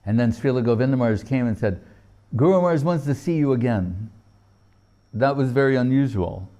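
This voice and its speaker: An older man teaching a spiritual class, speaking freely and haltingly, often restarting as he searches for words. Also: fairly low pitch, vocal fry, mellow.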